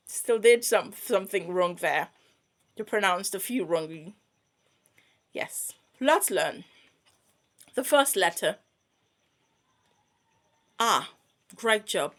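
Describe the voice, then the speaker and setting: Woman teacher going super slow thru vowel sounds, quizzing you as she goes. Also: mid-range voice, pushed and bright. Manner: drawn-out modeling of sounds, quizzing the viewer. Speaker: pronunciation teacher. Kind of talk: slow, deliberate lesson.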